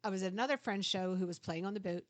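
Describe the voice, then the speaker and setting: A middle-aged woman co-hosting a podcast, telling a long story in casual chat, animated, laughing often and swearing freely. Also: medium pitch, rapid-fire, no room sound. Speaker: podcast co-host.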